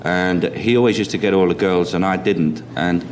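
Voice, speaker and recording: A man's voice: low voice, fairly even intonation, moderate pace. A man with a London Cockney accent answering hesitantly on stage, with fillers. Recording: noisy live audience recording.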